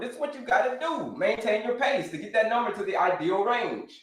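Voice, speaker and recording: A man hosting a live stream as a health coach, talking in an animated way, repeating his phrases and calling his viewers folks. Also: high-pitched, moderate pace, few pauses, reverberant.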